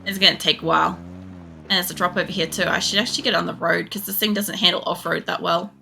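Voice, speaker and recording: A woman's voice: lowish voice, fairly even intonation, quick pace, creaky, sharp tone, a little hiss or hum. An Australian woman streaming a game, chatting casually in a rambling way, swearing often and filling gaps with fillers. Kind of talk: casual gameplay chat.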